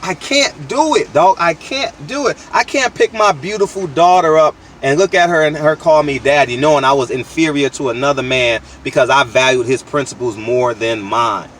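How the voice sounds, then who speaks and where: A man's voice: on the high side, normal speed, hardly any pauses, fairly bright tone, distant mic, a little hiss or hum. A man hosting his channel, delivering a blunt, slangy, profane opinion rant with lots of emphatic restarts, recorded outdoors. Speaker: channel host.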